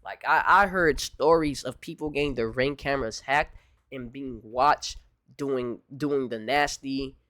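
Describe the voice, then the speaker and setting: A man reacting to a video as a streamer, talking excitably in slang and repeating his phrases. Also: medium pitch, a little slow. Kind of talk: casual reaction commentary. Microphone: streaming mic.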